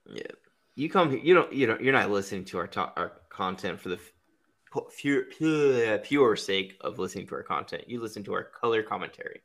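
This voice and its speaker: A man's voice: fairly low pitch, animated, brisk, a bit bright. A man hosting a podcast, rambling through crude, profane comedic banter and laughing at his own jokes. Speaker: podcast host.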